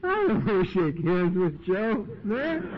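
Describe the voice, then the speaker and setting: A man with a very high speaking voice shares his recovery story, chatty and full of "you know" and "man". The recording is a dull, lo-fi 1990s tape with a faint hiss underneath. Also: sing-song, unhurried. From United States.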